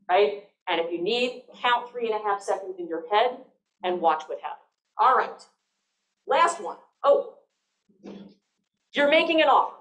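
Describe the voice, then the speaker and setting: A woman giving a lively, conversational public lecture on negotiation, often checking in with the audience. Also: medium pitch. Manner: lively, conversational, frequent "right?" tags. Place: lecture hall. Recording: echoey lecture hall.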